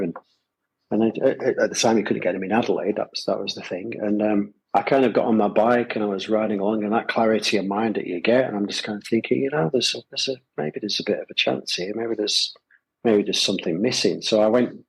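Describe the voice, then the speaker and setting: Gravelly man chatting loosely. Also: fairly low pitch, quick pace, rough recording. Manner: rambling, lots of fillers and repeated phrases. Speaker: podcast guest, gravel shop owner. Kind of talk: casual conversational storytelling. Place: Adelaide Hills, South Australia.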